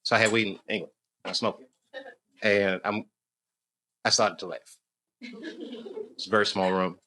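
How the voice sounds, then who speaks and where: A man's voice: fairly low pitch, big pitch swings, a little slow. A man doing live stand-up, telling a rambling story, laughing at his own jokes and bantering with the crowd. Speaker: stand-up comedian. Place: stage in a comedy club. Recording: live stage recording with noisy audience. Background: audience laughter.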